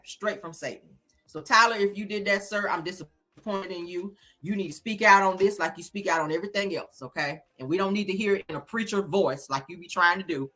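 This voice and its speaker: Speaking straight to her audience, a thirtysomething woman gives blunt, lively takes on celebrity news, with plenty of swearing. Her voice sits at a medium pitch.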